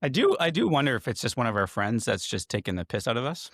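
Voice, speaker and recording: A man's voice: mid-range voice, very animated, fast, a bit bright, no echo, studio quality. A man co-hosting a podcast from British Columbia, chatting in an easygoing way. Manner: easygoing and laughing. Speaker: podcast co-host. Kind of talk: casual chat.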